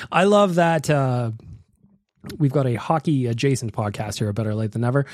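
A man's voice: medium pitch, a little slow, dry recording, clean studio sound. A man hosting a podcast, ranting with profanity and reading sponsor plugs. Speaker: podcast host.

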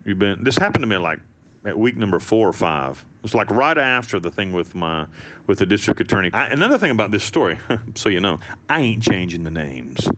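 A man telling his own story in an interview, blunt and profane, with animated delivery. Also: lowish voice, a little fast. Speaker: interviewee, former prisoner.

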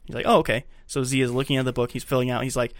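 A podcast co-host recaps a movie in casual chat, retelling its scenes and performing the characters' lines. He speaks rapid-fire at a medium pitch with a level tone. The recording has no room sound.

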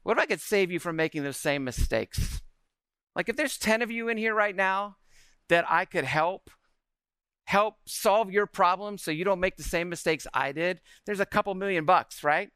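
A man in his forties giving an energetic talk to a live audience, often asking the room questions. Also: high voice, moderate pace, smooth, no room sound.

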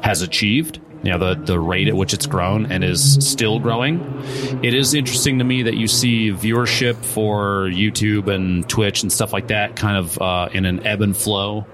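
Lowish-voiced guy rambling excitedly about gaming in an interview, lots of restarts, faint hiss behind. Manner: rambling, animated, many restarts and acted-out quotes. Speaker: pro streamer guest. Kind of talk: casual interview answer. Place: event venue.

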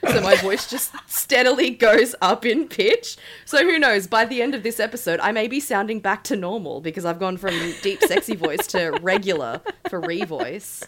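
A woman co-hosting a casual podcast, very loud and excitable, breaking into shrieking laughter and swearing freely. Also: mid-range voice, moderate pace, hardly any pauses. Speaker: podcast co-host. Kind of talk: casual chat.

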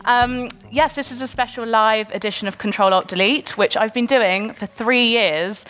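A woman's voice: on the high side, moderate pace, a bit bright, soft background music. Upbeat woman hosting a live podcast. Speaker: podcast host. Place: live event venue.

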